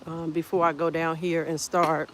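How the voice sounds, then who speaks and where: A woman hosting a casual homestead live stream outdoors, chatting in an unhurried way and greeting viewers by name. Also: sits low, level tone. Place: outdoors in a windy garden. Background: faint wind and outdoor ambience.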